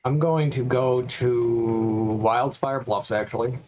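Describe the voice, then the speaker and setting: A man chats to his live-stream audience while playing, thinking out loud in halting, repeated starts. His voice sits at an ordinary pitch. The recording is a little muffled and lo-fi. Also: steady tone. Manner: musing aloud, stop-start, talking to chat. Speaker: gaming streamer.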